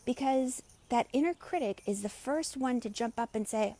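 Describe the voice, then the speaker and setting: Warm in tone and fairly high in pitch, a middle-aged woman who coaches meditation gives a live-streamed guided talk at a moderate pace with few pauses. She encourages her live audience and voices the characters in her stories.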